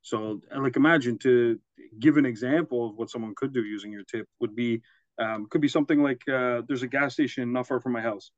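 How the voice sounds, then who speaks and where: A man's voice: mid-range voice, fairly quick, dry recording, muffled recording. A man co-hosting a casual podcast, rambling through examples and laughing at his own jokes. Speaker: podcast co-host. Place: Quebec, Canada.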